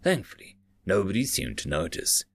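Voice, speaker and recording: A man narrating a science fiction story in a measured audiobook style. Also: lowish voice, sing-song, vocal fry, fairly bright tone.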